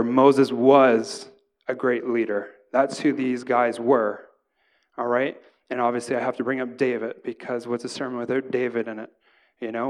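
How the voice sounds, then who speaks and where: Man preaching a casual sermon. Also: mid-range voice. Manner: casual, conversational preaching with frequent "right?" asides. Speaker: pastor.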